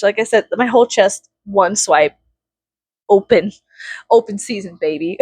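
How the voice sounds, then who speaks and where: A woman's voice: medium pitch, no echo. Casual storyteller: woman with a mid-range voice, foul-mouthed and chatty, dry close sound. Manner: chatty, profane, laughs often, dramatic.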